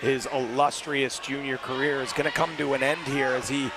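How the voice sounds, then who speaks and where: Hoarse man calling a lacrosse game. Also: medium pitch. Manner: fast, excited calls on goals. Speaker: play-by-play commentator. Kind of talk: live sports commentary. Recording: noisy arena broadcast.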